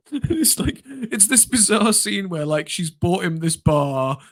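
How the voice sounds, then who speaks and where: A man's voice: sits high, creaky, no echo. A man in his thirties co-hosting a podcast, chatting casually and animatedly, laughing and retelling scenes in little put-on voices. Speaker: podcast co-host. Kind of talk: casual chat. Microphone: home mic on a stream.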